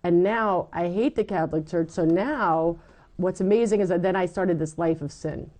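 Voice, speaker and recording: A middle-aged woman giving her personal testimony in an interview, animated and acting out what people said. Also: fairly low pitch, moderate pace. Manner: animated storytelling, acts out quoted lines. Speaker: guest telling her faith story.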